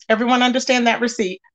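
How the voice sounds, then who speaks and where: A woman hosting a casual gossip commentary, talking straight to her viewers in an animated way with lots of fillers. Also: a little high. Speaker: commentary channel host.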